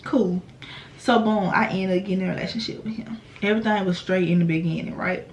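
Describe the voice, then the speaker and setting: A woman's voice: medium pitch, fairly even intonation, fairly quick, muffled recording, a little hiss or hum. A young adult woman telling a personal story to her viewers in a casual, slangy, profane way. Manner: addresses viewers directly. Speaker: vlogger.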